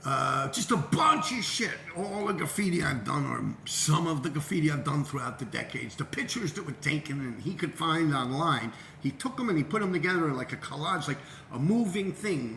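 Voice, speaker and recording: A middle-aged man telling a profane, animated story about his graffiti past and acting out the voices of people he quotes. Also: a little high, creaky, roomy sound, slight background noise. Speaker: graffiti writer and show host. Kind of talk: casual storytelling.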